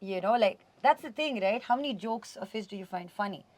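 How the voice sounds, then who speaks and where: A woman from India being interviewed as a guest, talking in an animated, expressive way and slipping Hindi words into her English. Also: mid-range voice, a little fast, no echo. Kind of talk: casual conversational interview. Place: radio studio.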